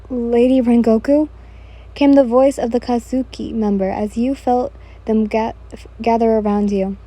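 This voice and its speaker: Mellow woman narrating a story. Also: a little high. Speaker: fan fiction narrator. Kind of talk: second-person audio story narration.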